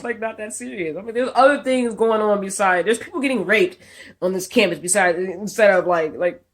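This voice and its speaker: A woman telling a storytime vlog in an animated, profane, incredulous way. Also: medium pitch. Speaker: vlogger.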